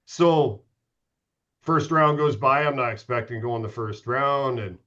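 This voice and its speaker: A man's voice: medium pitch, a little slow, a bit bright, muffled recording. A middle-aged man, a former pro goalie, telling candid, profane stories as a podcast guest. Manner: profane, candid, self-mocking. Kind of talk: casual storytelling.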